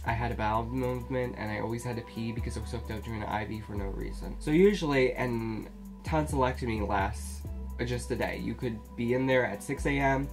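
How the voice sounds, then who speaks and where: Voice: medium pitch, a little fast, soft background music. A vlogger telling a personal story to camera in a blunt, sarcastic, profane way.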